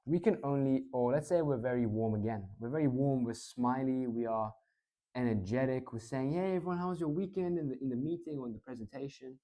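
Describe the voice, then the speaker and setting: A man coaches public speaking in a casual teaching talk, his low delivery swinging between excited and slow. He's recorded on a clip-on mic.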